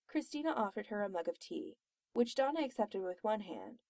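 Expressive woman reading a story. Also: medium pitch, a little fast, dry recording, studio quality. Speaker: reader. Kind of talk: reading fiction aloud.

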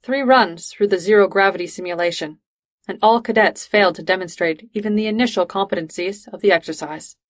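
A woman reading fan fiction aloud in steady, even narration. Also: mid-range voice, a little fast, no echo, clean studio sound. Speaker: reader.

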